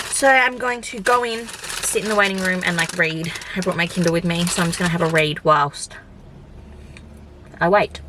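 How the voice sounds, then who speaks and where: A woman's voice: fairly low pitch, sharp tone, a little hiss or hum. A young woman vlogging in a casual, rambling chat to camera, filling her talk with "like". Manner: chatty, rambling, full of "like" fillers.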